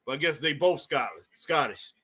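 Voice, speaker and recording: Animated and husky, this fairly high, bright voice carries a forceful tone at normal speed. The man runs a laid-back wrestling live stream, talking to chat viewers and repeating himself as he replies.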